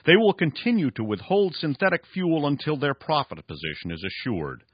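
A man voicing a frail, proud old male scientist who rasps and wheezes as he lectures. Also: on the high side, very animated, moderate pace, dry recording, highs cut off, voice pushed up. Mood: lecturing. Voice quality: raspy, short of breath.

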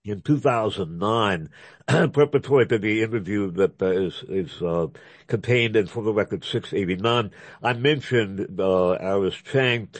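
A man's voice: lowish voice, a little slow, dry recording. A man hosting a radio talk show, speaking in a rambling, digressive way and spelling out names letter by letter. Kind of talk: conversational radio interview.

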